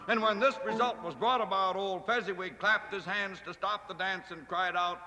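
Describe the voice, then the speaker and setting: A man reading a classic story aloud with dramatic expression, shifting from hushed to lively. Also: high voice, normal speed, few pauses, music in the background. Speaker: narrator. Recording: long hall reverb.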